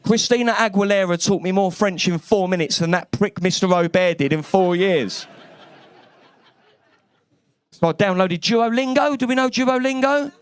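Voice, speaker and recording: A man's voice: high-pitched, normal speed, clean tone. A man from East London with a London accent, doing a brash, cheeky stand-up comedy set on a club stage with lots of swearing.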